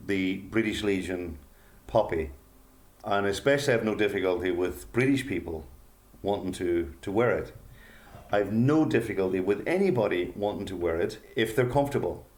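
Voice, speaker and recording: An older man, a guest author, telling a personal story in an earnest, halting way with many pauses and fillers. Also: on the low side, darkish tone. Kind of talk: reflective storytelling interview.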